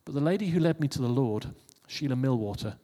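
Long hall reverb colors this clip of a man giving a casual sermon. His mid-range voice has a dark tone and lively intonation, and he talks fast, conversationally, repeating and restarting phrases as he addresses the congregation.

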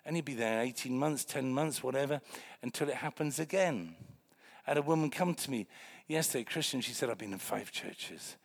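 A male preacher with a gravelly edge to his mid-range voice. He preaches with animated storytelling, dropping low and quiet, then rising to loud bursts. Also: brisk. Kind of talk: sermon with storytelling.

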